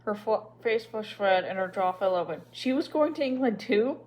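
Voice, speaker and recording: A woman's voice: medium pitch, expressive, normal speed, a little mellow. A woman reading a children's story aloud, with small slips and restarts as she goes. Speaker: audiobook reader.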